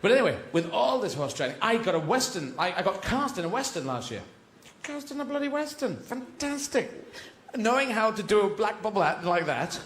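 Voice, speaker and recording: A man's voice: high-pitched, very animated, a little fast, a bit bright, slight background noise. A male stand-up comedian, rambling and digressive, acting out scenes in a live routine. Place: live venue with audience. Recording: roomy live venue.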